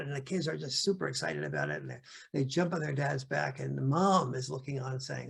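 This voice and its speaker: A man's voice: medium pitch, lively intonation, vocal fry, husky. An older man giving a talk over a video call, often restarting and searching for words. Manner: halting, many restarts and fillers. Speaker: guest speaker. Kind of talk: lecture-style talk.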